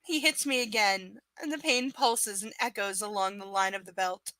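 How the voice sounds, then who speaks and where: A woman's voice: mid-range voice, measured pace, hardly any pauses, bright, forceful tone, no room sound. A woman reading a novel aloud on a livestream and breaking off into sarcastic, profane, exasperated rants about the characters. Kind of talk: live book reading with ranting commentary.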